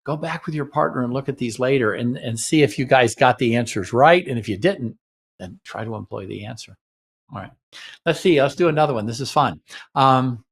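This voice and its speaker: A man's voice: fairly high pitch, expressive, fairly quick, gravelly. A middle-aged man hosting a relationship show, teaching in a conversational way and acting out sample lines between partners. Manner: conversational, acts out sample dialogues. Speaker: relationship therapist and host. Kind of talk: teaching talk to camera.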